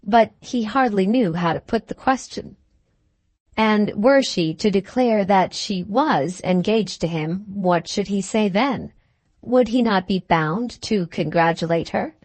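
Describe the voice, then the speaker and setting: A woman narrating a novel as an audiobook in a steady, even storytelling voice. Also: medium pitch, measured pace, dry recording.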